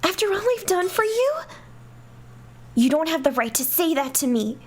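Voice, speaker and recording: A woman's voice: very animated, normal speed. Fleta, a bossy princess girl, as a woman dubs her. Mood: wounded, demanding. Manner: commanding, rising to shrill outbursts. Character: haughty possessive young princess girl, temperamental. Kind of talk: fan dub of game dialogue.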